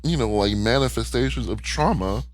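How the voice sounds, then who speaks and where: A mid-range male voice at an ordinary pace, with soft background music underneath. The speaker, a podcast co-host, swears freely while candidly and emotionally chatting through a cartoon recap.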